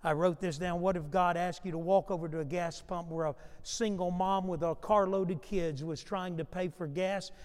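High-voiced preacher in an echoing sanctuary. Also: male voice, fairly even intonation, moderate pace, few pauses, darkish tone. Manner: storytelling preacher who swells in volume when acting out quotes. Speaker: pastor. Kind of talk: sermon. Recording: long hall reverb.

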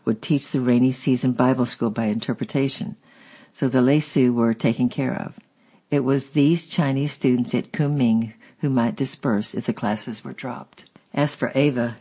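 A man reading a memoir aloud as an audiobook narrator, steady and measured. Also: medium pitch, slightly rough, lo-fi sound.

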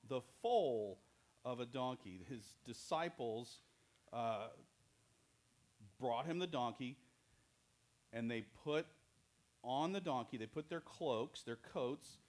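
A man's voice: medium pitch, expressive, slow pace, pauses often, darkish tone. A man leading a children's church lesson, joking and asking the kids questions as he tells the story. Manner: jokey, asks the kids questions. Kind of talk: playful Bible lesson for children.

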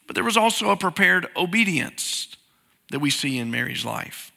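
A man's voice: fairly high pitch, very animated, moderate pace, creaky, pushed and bright. A man preaching a conversational sermon, asking the congregation questions and acting out inner voices. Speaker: pastor. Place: church sanctuary. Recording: long hall reverb.

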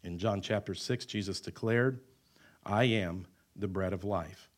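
A man preaching a sermon, who mixes humorous asides with emphatic lines and drops to quiet, stretched-out words. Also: low voice. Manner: wide swings between loud emphatic lines and quiet, drawn-out words; conversational asides and self-deprecating humor. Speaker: pastor.

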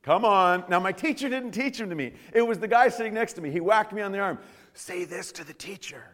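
A male pastor from the United States preaching a sermon with prayer and personal stories, a lively, joking storyteller who often restarts his sentences. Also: high-pitched, quick pace. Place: church service. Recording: long reverb of a church hall.

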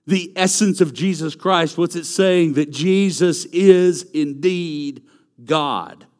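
A man's voice: fairly high pitch, slow pace. A man preaching a sermon, emphatic and repeating key phrases for stress. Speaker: pastor.

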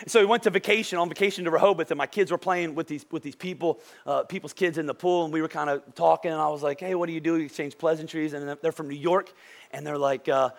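High-voiced joking male pastor. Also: gravelly, a bit bright. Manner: conversational and joking, keeps asking "right?". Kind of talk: sermon.

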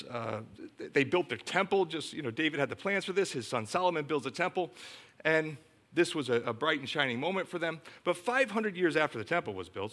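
A man's voice: on the high side, a bit bright. A middle-aged man preaching a sermon as a pastor, emphatic and storytelling.

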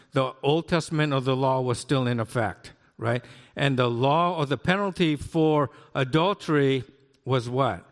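A man in his sixties preaching a conversational sermon as a pastor, often checking in with "right?". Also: medium pitch. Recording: long hall reverb.

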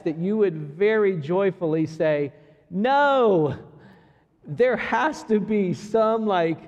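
A pastor with a fairly high voice preaches a sermon in a big-room sound. He's animated, acting out the dialogue of the passage as he reads and explains it.

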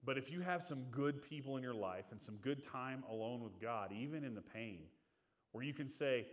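A man's voice: medium pitch, moderate pace. A middle-aged man preaching a sermon in an earnest, conversational way, acting out the voices of the people he quotes. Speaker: pastor.

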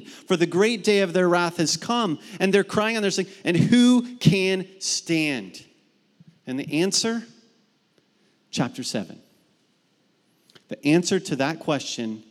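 A man preaching a sermon as pastor, animated and emphatic, dropping into casual asides while telling stories. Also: a little high, big-room sound. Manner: animated, rising to emphatic peaks. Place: church sanctuary.

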